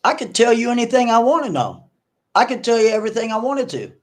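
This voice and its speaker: A man's voice: very high-pitched, big pitch swings, quick pace. A man hosting an online video, ranting at an absent rival in an accusing, mocking way and repeating himself often. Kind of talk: confrontational livestream rant.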